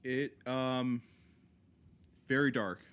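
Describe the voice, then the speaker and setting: A man co-hosting a podcast, talking in a relaxed, rambling way with fillers. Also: mid-range voice, extremely slow. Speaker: podcast co-host. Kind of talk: casual chat.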